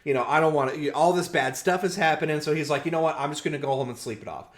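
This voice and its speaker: A man's voice: fairly high pitch, very fast. A man co-hosting a podcast, telling a story in casual chat, swearing and acting out the people he quotes. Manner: animated, acts out quoted people, swears often. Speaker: podcast co-host. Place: room, recorded in person.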